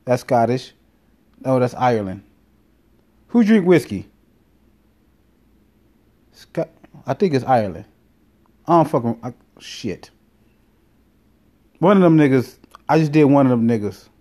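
A vlogger with a medium-pitched, somewhat dark male voice rambles through a casual story. He swears freely and keeps interrupting and correcting himself as he goes.

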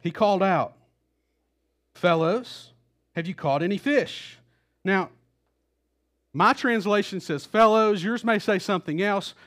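Preaching in a church auditorium, this high-voiced male pastor narrates his sermon story conversationally and at ease, speaking into a stage mic. He takes a measured pace with long pauses, occasionally repeating himself and performing the lines he quotes.

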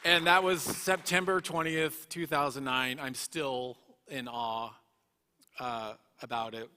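A man's voice: mid-range voice, steady tone, slow pace, pushed and bright. A man giving an earnest, emotional personal testimony, often restarting his sentences as he tells his story. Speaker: guest speaker. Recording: echoey hall reverb.

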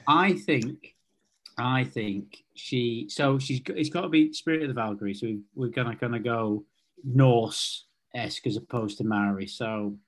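A man in a relaxed comic chat, building a silly scene detail by detail. He fills his talk with "like" and "kind of." His pitch is ordinary for a man. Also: measured pace. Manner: vivid, detailed describing with many "like"s. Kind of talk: casual comedic chat.

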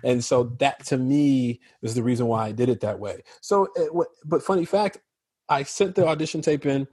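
A man from Chicago with an American accent, chatting casually as an actor guest in an interview, animated and laughing often as he tells stories. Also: mid-range voice, moderate pace, slightly rough, dry recording. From Chicago, United States.

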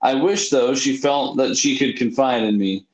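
A man's voice: medium pitch, normal speed. Laid-back man hosting, echoey room. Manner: relaxed, laughs often, hesitant fillers. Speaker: radio host. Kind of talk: casual chat.

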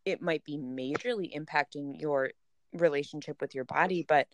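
Low-voiced Minnesotan woman host. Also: normal speed, slight background noise. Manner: enthusiastic, affirming, self-deprecating. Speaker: podcast host. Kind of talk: podcast interview.

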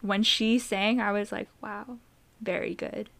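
A woman's voice: medium pitch, steady tone, moderate pace, gravelly, a bit bright. A woman in a casual podcast chat, playful and jokey, acting out quoted lines.

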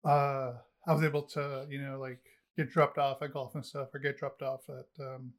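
A man's voice: medium pitch, little pitch movement, moderate pace. A middle-aged man, a podcast co-host, chatting casually and rambling with lots of fillers. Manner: rambling, heavy on fillers, laughs often. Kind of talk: casual chat.

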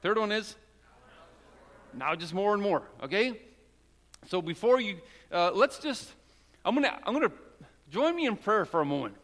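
A man preaching a sermon as pastor of his church, talking in a casual, joking way and dropping into a soft, low voice when he prays. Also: big pitch swings, normal speed, long pauses. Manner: conversational and joking, with prayers spoken low and soft. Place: church sanctuary. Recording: long hall reverb.

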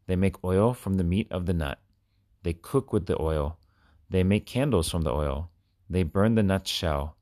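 Deep-voiced man reading storybooks. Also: measured pace, no room sound, studio quality. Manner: clear, expressive storybook reading. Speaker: reader. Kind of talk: reading children's stories aloud.

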